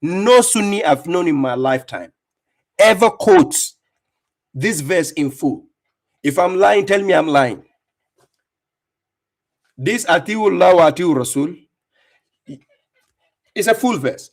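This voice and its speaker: A man's voice: high voice, animated, normal speed, pauses often. A man hosting a live stream, commenting on clips and talking to viewers in a mocking, insistent way with lots of repetition. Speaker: livestream host reacting to clips.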